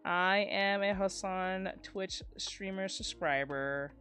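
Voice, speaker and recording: A man's voice: high voice, takes it slowly, pushed and bright, soft background music. A man streaming as a VTuber, chatting casually with a sarcastic, self-mocking humor and frequent laughs. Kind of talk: casual live-stream chat while drawing.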